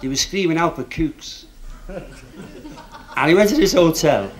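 Animated male stand-up comic. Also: on the high side. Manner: brisk punchline-driven joke delivery. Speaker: stand-up comedian. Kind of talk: stand-up joke telling. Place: club stage with a live audience. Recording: archival live recording with crowd laughter and hiss.

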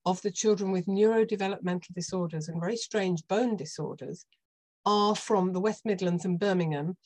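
A middle-aged British woman, a doctor, explaining health topics as a podcast guest in a steady, informative way with touches of dry sarcasm. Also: lowish voice, moderate pace. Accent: British English. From United Kingdom. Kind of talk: podcast interview.

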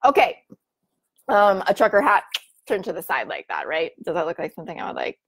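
A woman's voice: lowish voice, wildly swooping pitch, brisk, slightly rough. Bubbly chatty woman host. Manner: bubbly, chatty, filler-heavy. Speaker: livestream host reading viewer comments. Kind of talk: casual live-stream chat.

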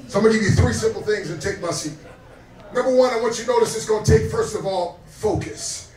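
A man in his fifties preaching a sermon as pastor, swinging between soft asides and shouted exhortations that call out to the congregation. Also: high-pitched, quick pace. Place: restaurant dining room. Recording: roomy echo, distant mic, faint music.

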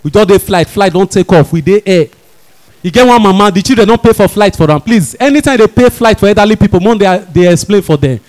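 Young Nigerian-accented male comic, high voice, lively storyteller with quick character jumps. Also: soft background music. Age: young adult. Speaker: stand-up comedian. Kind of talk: stand-up comedy in Nigerian Pidgin.

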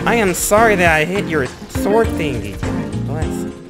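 A young man doing rambling, jokey gameplay commentary with sudden excited outbursts, game music behind. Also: a little high, normal speed. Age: young adult. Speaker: gaming YouTuber. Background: game music and sound effects.

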